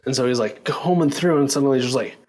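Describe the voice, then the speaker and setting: A man casually telling a personal story, animated and full of fillers, laughing along as he goes. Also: medium pitch, fast. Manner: animated, acts out quoted lines, filler-heavy.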